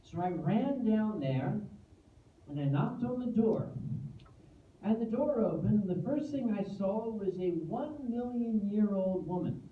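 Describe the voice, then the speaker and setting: Slow, animated man telling stories in a hall. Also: high voice, a little hiss or hum. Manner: animated, self-deprecating, playful asides. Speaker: convention guest speaker. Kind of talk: comic storytelling speech. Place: convention hall. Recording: echoey hall, distant phone-like audio.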